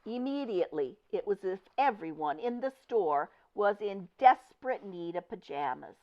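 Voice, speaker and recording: A woman reading a children's picture book aloud with expressive, deliberate storytelling. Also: mid-range voice. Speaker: storybook reader. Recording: dull lo-fi recording.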